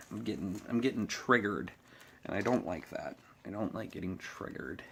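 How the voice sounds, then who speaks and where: A man's voice: low-pitched, animated, a little fast, vocal fry, a bit bright, slight background noise. Heated, swearing man ranting. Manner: heated, swearing, laughing at his own jokes. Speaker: vlogger. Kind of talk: profane political rant.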